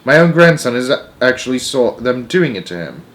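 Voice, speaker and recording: A man voicing a firm, proper elderly grandmother who talks in a brisk, determined way, in a storybook reading. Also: mid-range voice, very animated, a bit bright.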